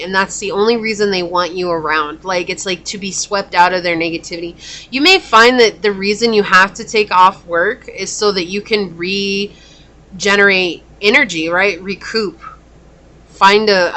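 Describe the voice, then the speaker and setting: A woman's voice: medium pitch, bright, forceful tone. A woman giving a casual pick-a-card tarot reading, rambling and filling her talk with "like". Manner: rambling, frequent "like" fillers. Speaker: tarot reader.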